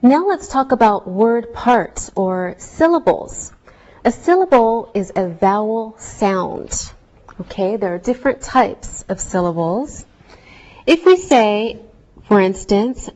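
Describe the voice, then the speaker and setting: A woman teaching a scripted English lesson, speaking slowly and carefully so learners can follow each word. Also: fairly high pitch, lively intonation, a little mellow, lo-fi sound. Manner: slow, clearly spelled-out teaching delivery.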